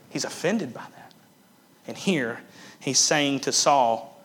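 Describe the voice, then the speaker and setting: A man preaching a sermon, swinging between loud emphatic bursts and hushed, quiet passages, repeating key phrases for emphasis. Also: medium pitch, expressive, takes it slowly, pauses often. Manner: emphatic repetition. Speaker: pastor.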